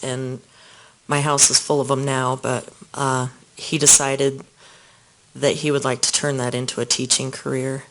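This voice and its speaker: A man testifying as a witness in a courtroom, speaking softly and haltingly with small restarts. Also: mid-range voice, low-quality recording.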